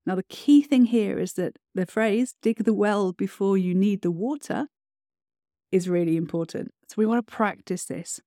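Woman coach, solo podcast host; steady, reassuring teaching delivery in a dry, mellow voice. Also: medium pitch, no room sound. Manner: calm, encouraging, instructive. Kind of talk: solo podcast advice talk.

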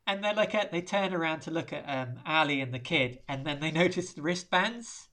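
Low-voiced woman recapping a film. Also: expressive, fairly quick, fairly bright tone. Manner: rambling storyteller, dry asides and swearing. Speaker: podcast co-host. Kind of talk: casual chat, recapping a film.

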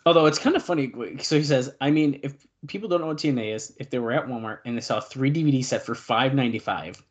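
A male podcast co-host in casual chat, reading out old news notes and adding quick asides. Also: medium pitch.

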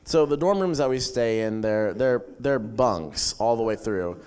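A young man casually telling a funny camp story, animated and laughing as he goes. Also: medium pitch, a little slow, smooth. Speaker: camp attendee sharing a testimony.

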